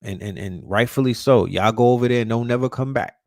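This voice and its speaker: A man's voice: medium pitch, fast talker, darkish tone, no echo, clean studio sound. Heated, profane man ranting. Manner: repeats and restarts words when fired up. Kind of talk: casual rant.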